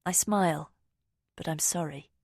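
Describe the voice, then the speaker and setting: A woman reading a thriller audiobook in calm, measured first-person narration. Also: low-pitched, vocal fry, no echo, studio quality.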